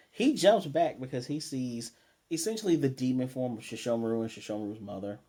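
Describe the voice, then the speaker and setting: A male anime reviewer with a mellow, faintly husky, medium-pitched voice recaps an episode in a relaxed, conversational style. Along the way he paraphrases lines from the characters and keeps stumbling into restarts.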